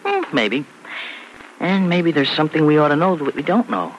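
An actor playing a playful, teasing young groom-to-be in a 1940s radio drama. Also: male voice, on the high side, lively intonation, normal speed, muffled recording, a little hiss or hum, natural voice. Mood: affectionate. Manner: teasing, joking.

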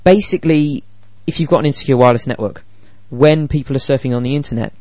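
A man co-hosting a casual tech podcast, explaining things in an animated way and acting out quoted dialogue. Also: medium pitch, quick pace, no room sound. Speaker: podcast co-host.

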